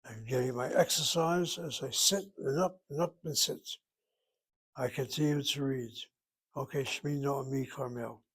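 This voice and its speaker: A man's voice: mid-range voice, unhurried, fairly bright tone, slightly rough. A man teaching a Hebrew lesson from a textbook, thinking aloud, asking himself questions and spelling words out. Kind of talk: self-study lesson, reading from a textbook.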